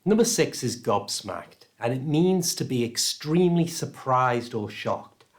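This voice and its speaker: A man's voice: medium pitch, lively intonation, a little slow. A man with a British accent teaching English pronunciation in a scripted lesson, stressing each sound with care. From United Kingdom. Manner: careful, clear pronunciation coaching.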